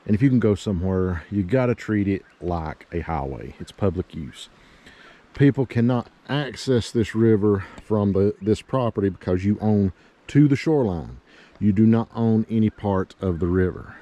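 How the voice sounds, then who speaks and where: This real estate agent has a fairly low, warm voice with lively intonation and speaks at normal speed, though the recording's highs are cut off. Sick with a cold, he sniffles and pants from climbing while giving a casual, rambling walking tour of wooded riverside land for a property vlog, leaning on folksy fillers.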